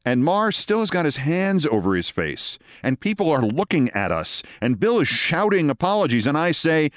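Lively storyteller man in his sixties. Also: a little high, no room sound, studio quality. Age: 60s. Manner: measured, dramatic storytelling with wry asides. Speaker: host. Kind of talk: storytelling monologue.

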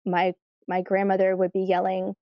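A woman guest telling stories in a casual interview, chatty and lively when she quotes her family. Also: medium pitch, normal speed, no room sound, muffled recording. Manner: chatty, animated when quoting family, laughs easily.

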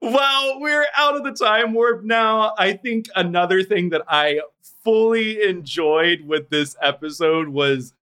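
Bright, chatty man hosting a video call. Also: high-pitched, takes it slowly, smooth. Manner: animated, chatty, teasing. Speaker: podcast host. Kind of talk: casual chat.

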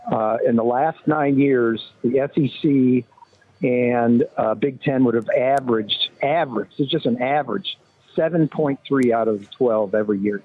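A man calling in as a guest sportswriter, giving measured analysis built on numbers. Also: mid-range voice. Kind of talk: phone-in analysis. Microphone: phone. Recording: tinny phone line, dry.

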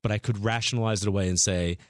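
A middle-aged man with a low voice tells long, winding stories in a relaxed studio conversation. He acts out the people he quotes. The sound is close and dry, with no room echo. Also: fast talker. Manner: animated storyteller, acts out quotes. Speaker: guest medium. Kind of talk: casual storytelling.

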